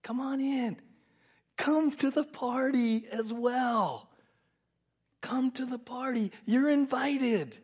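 A man's voice: slow pace, breathy edge, exaggerated voice. Man doing an eager older father, raised and coaxing. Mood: pleading. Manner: loud, high and coaxing, drawn out. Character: tender pleading older father, warm and eager.

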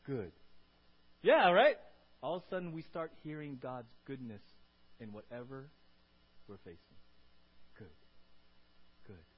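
A man's voice: mid-range voice, very animated, a little slow, long pauses, a little hiss or hum. A male pastor preaching emphatically, often asking "right?" and acting out quoted lines in changing voices. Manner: emphatic, punctuates points with "right?" and "good". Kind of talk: sermon. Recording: dull lo-fi sermon recording.

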